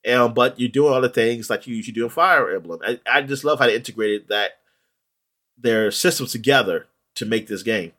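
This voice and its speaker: A man talks in a loose, casual chat, his voice sitting at an ordinary middle pitch. He rambles, trailing into ums and restarting his sentences as he goes. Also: brisk, a bit bright. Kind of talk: casual chat about video games.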